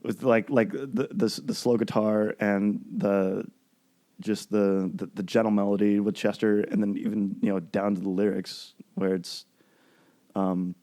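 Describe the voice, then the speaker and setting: Lowish-voiced man, rambling casual chat. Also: level tone, warm tone. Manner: rambling, halting, many fillers and restarts. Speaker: podcast co-host.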